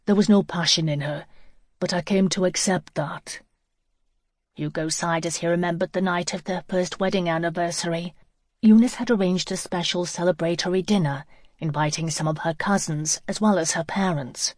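An audiobook narrator reading a first-person novel in a measured, reflective way. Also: medium pitch, a little mellow, dry recording, clean studio sound.

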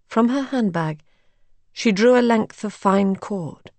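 Slow, gravelly woman narrator. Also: medium pitch, dry recording. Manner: measured, even storytelling. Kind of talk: scripted narration of a story.

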